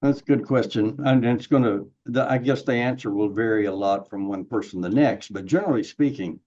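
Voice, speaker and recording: An older man, a guest consultant, explaining ideas in a measured, thoughtful way. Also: lowish voice, warm tone, highs cut off. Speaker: guest expert, management consultant.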